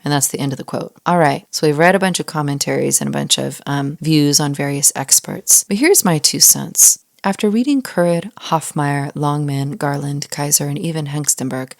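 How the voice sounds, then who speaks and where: Low-voiced woman teaching Bible history. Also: moderate pace, vocal fry, hardly any pauses, no echo, studio quality. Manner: explanatory, with wry humorous asides. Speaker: podcast host teaching on the Bible. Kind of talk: scripted teaching podcast with read-out quotes.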